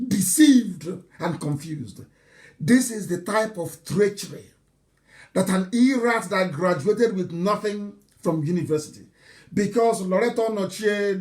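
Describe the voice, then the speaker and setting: High-voiced man giving a fiery broadcast. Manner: impassioned, mocking, with bursts of shouting and laughter; restarts and repeats words. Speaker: movement leader addressing followers. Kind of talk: live broadcast address.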